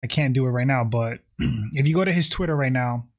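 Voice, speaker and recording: A man hosting a casual livestream, reading viewer comments aloud and answering them. He rambles, leans on "like" and "you know" a lot, and keeps clearing his throat. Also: mid-range voice, brisk. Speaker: YouTube livestream host.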